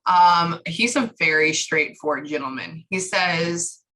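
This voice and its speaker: A woman giving a psychic reading, relaying a spirit's words in chatty, lively bursts. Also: fairly low pitch, measured pace, rough recording. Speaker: psychic medium.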